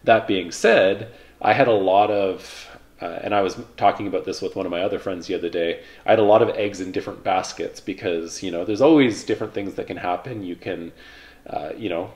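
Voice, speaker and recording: A man in his thirties casually telling stories about his past, relaxed and rambling, with lots of fillers. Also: deep voice, a little fast. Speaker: vlogger, pilot. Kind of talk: casual reflective storytelling.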